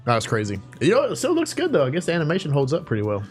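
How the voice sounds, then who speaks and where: Brief: male co-host, animated pitch, quick joking banter, faint music. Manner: lively, laughing, quick banter. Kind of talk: casual chat.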